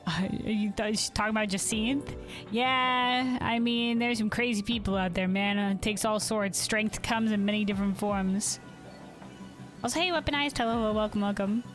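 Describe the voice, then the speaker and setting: A woman's voice: medium pitch, moderate pace, faint music behind. A woman streamer chatting casually and laughing as she plays. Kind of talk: casual gameplay commentary.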